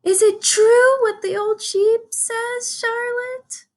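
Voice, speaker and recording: A woman voicing a frightened young male pig who screams and sobs in a shrill voice, reading a storybook aloud. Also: fairly even intonation, takes it slowly, a little mellow. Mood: panicked.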